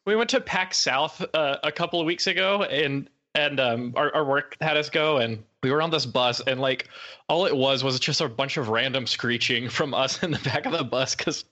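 A man's voice: medium pitch, normal speed, pushed and bright. A man co-hosting a podcast in casual chat, with a bombastic, joking manner and a habit of interrupting. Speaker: podcast co-host.

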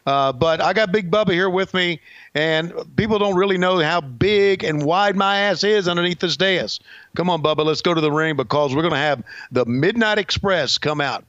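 A man putting on the voice of a crude, boastful male wrestling manager who rambles loudly. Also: sits high, normal speed, no room sound, highs cut off, pitched above the performer's own voice. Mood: brash boasting.

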